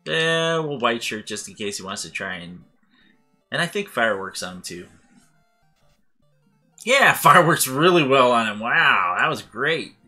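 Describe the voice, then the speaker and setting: Bright-voiced man, laughing gamer host. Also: mid-range voice, unhurried, long pauses, soft background music. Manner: laughs often while telling stories; animated, acting out voices in his anecdotes. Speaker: let's play host. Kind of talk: casual gameplay commentary.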